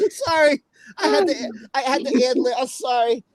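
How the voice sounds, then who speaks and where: Young woman live-stream host, high-pitched, giggly, exclaiming a lot. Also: animated, normal speed, dry recording, rough recording. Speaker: livestream host. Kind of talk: casual live-stream chat.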